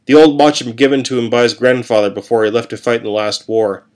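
A man reading a first-person story aloud in a calm, steady way. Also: mid-range voice, fast talker.

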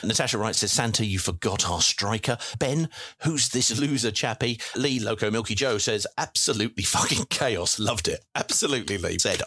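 A lower-voiced English man hosts a fan podcast, rattling through listener messages with jokes and wordplay asides. The sound is dry and close, with no room around him. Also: pushed and bright, no echo. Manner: jokey, chatty, wordplay asides. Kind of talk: casual chat.

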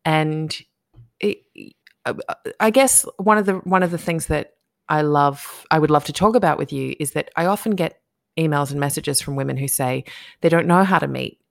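Low, gravelly woman host. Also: normal speed, no echo, studio quality. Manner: quiet and low, speaking softly at night. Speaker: podcast host. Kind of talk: conversational interview.

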